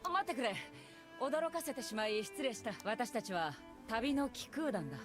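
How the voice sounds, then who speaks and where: A woman voicing a calm young adventurer in a video game, speaking politely and earnestly over music. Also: a little high, fast. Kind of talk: Japanese game dub.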